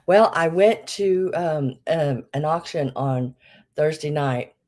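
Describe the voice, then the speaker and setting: Slow, low-voiced woman. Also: a little mellow. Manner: rambling, many ums, Southern "y'all". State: a bit out of breath. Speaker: live sale host. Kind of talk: casual live-stream chat.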